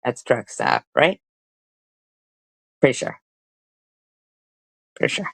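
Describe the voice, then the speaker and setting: Very low-voiced woman with crude mocking humor. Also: animated, takes it slowly, gravelly, pauses often, slightly rough, no room sound. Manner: crude, profane, laughing at own jokes. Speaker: streamer commentator. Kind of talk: mocking reaction commentary.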